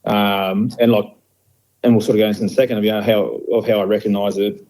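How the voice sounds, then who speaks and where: A man's voice: lowish voice, little pitch movement, fast, warm tone, a little hiss or hum, rough recording. A middle-aged man with an Australian accent, a firefighter guest talking candidly and bluntly, with lots of fillers. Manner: blunt, outspoken, frequent fillers. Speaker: guest, firefighter station officer. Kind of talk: candid conversational interview.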